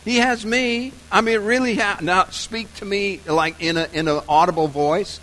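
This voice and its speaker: A man preaching a sermon, telling a story softly and slowly, then building to loud, emphatic points. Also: sits high, fairly even intonation, low-quality recording. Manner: storytelling, soft and slow in scenes, rising loud and emphatic for points. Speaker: pastor.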